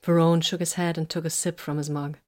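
A woman narrating a science fiction audiobook in an even, measured reading. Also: deep voice.

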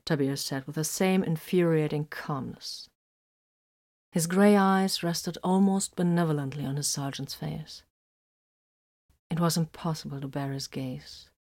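A woman narrating an action story aloud in a steady storytelling manner. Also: sits low, normal speed. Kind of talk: audiobook narration.

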